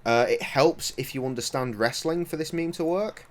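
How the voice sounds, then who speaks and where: A man's voice: fairly high pitch, normal speed. A young man streaming a video game, rambling and swearing in a self-mocking, casual way. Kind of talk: casual gameplay commentary.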